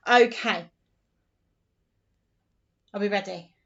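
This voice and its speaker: Slow sing-song woman teacher, distant. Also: a little high, expressive, dull audio. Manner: slow, sing-song, encouraging, acts out story lines. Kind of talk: early-years phonics lesson.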